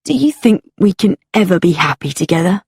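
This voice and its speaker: A woman's voice: fairly low pitch, big pitch swings, brisk, darkish tone, breathy edge, dry recording, clean studio sound, exaggerated voice. Woman reading as a tender young policeman. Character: kind devoted young policeman. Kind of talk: storybook reading for learners.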